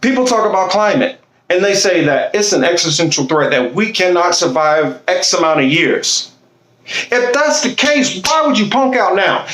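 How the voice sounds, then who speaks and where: A man's voice: high voice, lively intonation, moderate pace, a bit bright, roomy sound, poor audio. A man delivering a blunt, fiery political monologue, impassioned and swearing freely. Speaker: political commentator.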